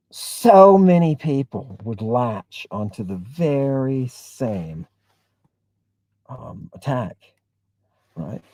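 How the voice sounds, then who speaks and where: A man's voice: mid-range voice, dark tone, husky, no room sound. A man hosting a livestream, talking emphatically and in a rambling way, reading and answering viewer comments. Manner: emphatic, rambling, keeps asking "right?". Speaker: host. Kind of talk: livestream talk with chat.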